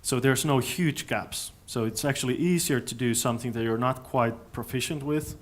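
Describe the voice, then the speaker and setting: Halting male conference speaker. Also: medium pitch. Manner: thoughtful, halting, with many restarts. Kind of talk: answering audience questions. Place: conference hall.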